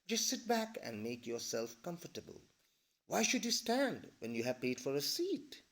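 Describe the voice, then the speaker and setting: A man's voice: fairly high pitch, very animated, normal speed, fairly bright tone. A man doing a jolly teasing bus conductor. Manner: playful, mock-polite teasing.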